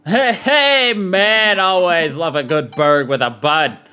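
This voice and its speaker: A game streamer voicing a cheerful, eager dad neighbor in a loud, hyped voice while reading a dating sim aloud. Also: slow, faint music behind. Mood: excited. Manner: loud and hyped, higher than the narrator's plain voice. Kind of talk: voicing a dating sim character in a let's play.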